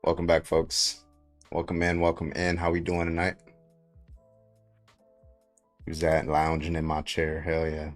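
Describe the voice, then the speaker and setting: A man's voice: low-pitched, monotone, moderate pace, faint music behind. A man hosting a livestream debate, talking loosely, laughing and swearing casually.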